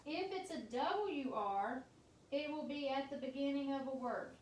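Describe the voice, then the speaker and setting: Woman, high voice, very slow, sounding out letters, roomy echo. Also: far from the mic. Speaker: teacher. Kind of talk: phonics dictation lesson. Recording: echoey room, voice off-mic, faint noise.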